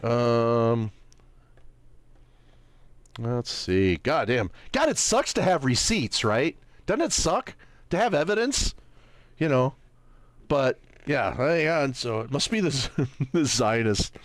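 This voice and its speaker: A livestream host browses and squints at small text, reading it aloud haltingly while offering sarcastic, mocking commentary and repeatedly asking "right?" and other rhetorical questions. His medium-pitched voice is very animated, with no room sound.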